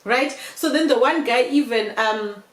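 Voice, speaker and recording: A young woman vlogger telling a storytime tale in an animated way, often calling her viewers "guys". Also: a little high, unhurried. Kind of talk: storytime vlog. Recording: roomy echo.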